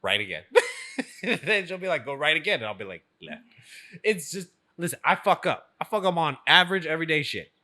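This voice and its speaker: A man co-hosting a casual podcast chat, animated and laughing often as he acts out what others say. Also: on the high side, fairly quick. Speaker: podcast co-host.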